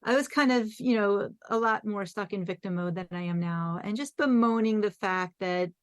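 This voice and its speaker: A woman's voice: mid-range voice, normal speed, smooth, no room sound. A woman guest on a podcast telling a personal story in a reflective, earnest way. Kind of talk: casual interview chat.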